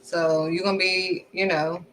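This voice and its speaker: A woman giving a casual, faith-driven motivational talk, acting out quick back-and-forth exchanges and repeating pointed questions at the listener. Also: lowish voice, a little hiss or hum, poor audio. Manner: animated, acts out little back-and-forth exchanges. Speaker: faith vlogger.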